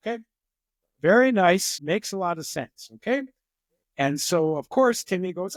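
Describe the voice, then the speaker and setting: High-voiced older man telling stories animatedly. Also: measured pace, dry recording. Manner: animated storyteller who acts out examples. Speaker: psychologist guest. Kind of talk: podcast interview.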